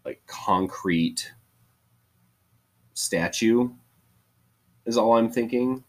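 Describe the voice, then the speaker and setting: A man chatting casually with a wry, teasing, deliberate manner. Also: mid-range voice. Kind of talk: casual chat.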